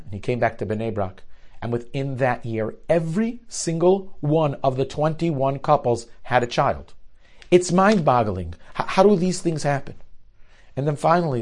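A man telling stories in a sermon, rising loud for climaxes and dropping low for tense moments, with Hebrew and Yiddish terms woven in. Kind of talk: storytelling sermon.

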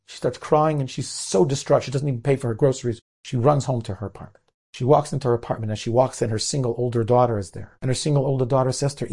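A man, a rabbi, telling a story in an animated way and acting out the characters. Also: medium pitch, quick pace, few pauses. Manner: animated, acts out characters' voices. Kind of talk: storytelling talk.

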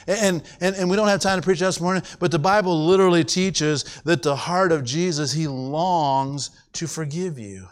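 A man preaching a sermon as pastor, impassioned, stumbling and repeating words, his voice climbing high when he stresses a point. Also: normal speed, hardly any pauses. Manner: stumbles and restarts often.

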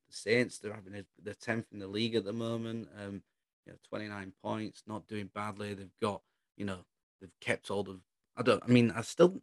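A man with a fairly low voice rambles through his football opinions in a relaxed, casual chat. The recording is close and dry, with no room sound around him. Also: no echo. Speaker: football podcast co-host.

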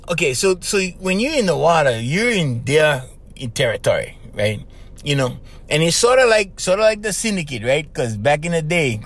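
Chatty Hawaiian podcast man, lively pitch. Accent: Hawaiian Pidgin-tinged English. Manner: rambling, chuckling, tags lines with "right?" and "okay?". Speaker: podcast host. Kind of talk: casual solo podcast talk.

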